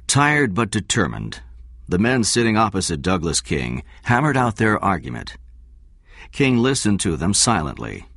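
A man narrating a story in a measured storytelling manner. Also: lowish voice, sing-song, vocal fry, a bit bright, no room sound, clean studio sound.

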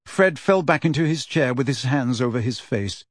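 Clean studio sound with no room noise carries a mid-range male voice narrating an audiobook. His scripted storytelling is steady and measured.

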